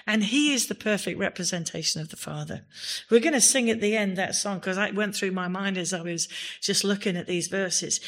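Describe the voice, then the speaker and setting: A woman's voice: medium pitch, expressive, normal speed, fairly bright tone. A woman pastor giving a sermon in a church, speaking with emphasis and rising to exclamations on key words.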